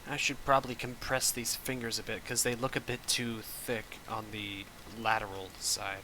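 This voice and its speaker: Male streamer host, teasing and casual, crisp bright tone. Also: medium pitch, moderate pace, a little hiss or hum, rough recording. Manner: relaxed, joking and teasing. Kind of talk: casual stream chat with friends.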